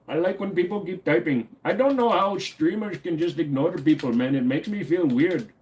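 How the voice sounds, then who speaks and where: A man's voice: fairly high pitch, moderate pace, hardly any pauses. A man hosting a livestream in casual chat, joking and swearing freely with viewers. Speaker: streamer host.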